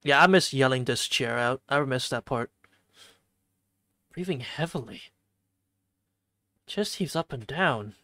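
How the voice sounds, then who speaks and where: A streamer reading a visual novel aloud from a home streaming setup, with expressive delivery and jokey asides. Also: mid-range voice, measured pace, long pauses, dry recording, studio quality.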